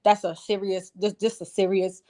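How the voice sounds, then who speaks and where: A woman's voice: medium pitch, flat delivery, normal speed, warm tone. An exasperated woman, ranting in a heated casual chat and repeating herself.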